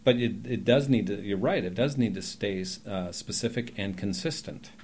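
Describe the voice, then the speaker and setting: A man's voice: fairly low pitch, normal speed, darkish tone, a little hiss or hum. A man, an acting teacher talking in a chatty, rambling way with emphatic bursts during a podcast conversation.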